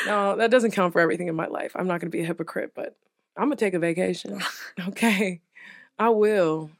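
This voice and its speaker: A woman's voice: on the low side, a little fast, gravelly, dry recording, clean studio sound. A woman co-hosting a casual chat, brash and profane, laughing often. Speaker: podcast co-host.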